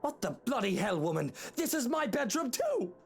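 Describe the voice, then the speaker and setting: An actor voicing a charming, sharp-tongued rich young husband in a story game. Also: male voice, very high voice, very animated, moderate pace, husky, heavily acted. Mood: exasperated.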